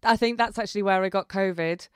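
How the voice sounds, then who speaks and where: A woman's voice: mid-range voice, smooth, dry recording, studio quality. Bubbly woman co-host. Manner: bubbly, quick to laugh, sarcastic asides. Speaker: podcast co-host. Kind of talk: casual chat.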